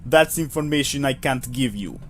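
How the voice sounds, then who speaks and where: Man doing a slow, polite clerk, faux Russian accent, creepy office. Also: medium pitch, fairly bright tone, close to an everyday voice. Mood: coolly polite. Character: towering man, eerie bureaucratic clerk, calm.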